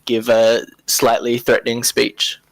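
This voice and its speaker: A man's voice: medium pitch, completely flat delivery, a little slow, no room sound, rough recording. A man playing a tabletop game, often laughing while he describes his moves. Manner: laughing, playful. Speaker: player. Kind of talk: casual tabletop play.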